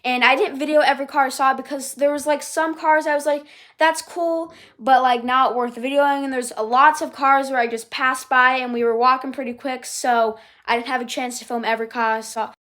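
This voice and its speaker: A high-pitched American woman talks into a handheld camera at an outdoor car show. She rambles in a loose, chatty vlog style and leans on "like" as she goes. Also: level tone, brisk, hardly any pauses, a bit bright. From United States. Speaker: car vlogger. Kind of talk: casual vlog commentary.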